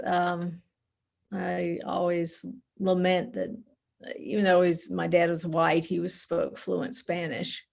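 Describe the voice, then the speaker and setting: A middle-aged woman speaks slowly and thoughtfully in a low, gravelly voice. She hesitates between phrases as she works through her ideas. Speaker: discussion group member. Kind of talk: reflective group discussion.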